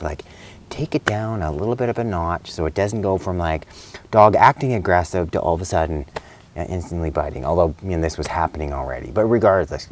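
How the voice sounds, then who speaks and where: Deep-voiced man giving chatty vet advice. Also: a little mellow, slight background noise. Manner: chatty, rambling, with many fillers and restarts. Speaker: veterinarian. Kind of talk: casual spoken advice video.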